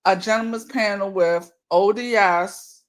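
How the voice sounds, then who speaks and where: A woman's voice: mid-range voice, measured pace. A woman with a Baltimore accent chatting casually with friends as a co-host, reminiscing and trailing off into fillers as she thinks. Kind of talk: casual group chat.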